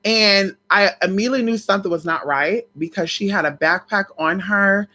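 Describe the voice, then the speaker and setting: A woman's voice: mid-range voice, moderate pace, sharp tone. A woman vlogger chatting casually to her viewers, telling a story in colloquial, swear-laced speech.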